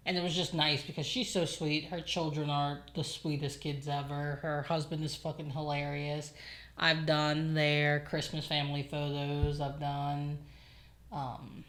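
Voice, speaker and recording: Animated low-voiced young mom. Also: female voice. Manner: animated, swears casually, acts out her toddler in quotes. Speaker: podcast co-host. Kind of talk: casual chat, reading listener comments.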